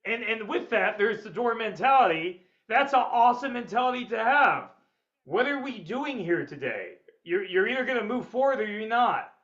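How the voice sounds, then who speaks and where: A man with a high-pitched voice leads a sales seminar. He is energetic and blunt and swears freely. The audio is dull and lo-fi. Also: moderate pace. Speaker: sales trainer. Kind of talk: webinar seminar lecture.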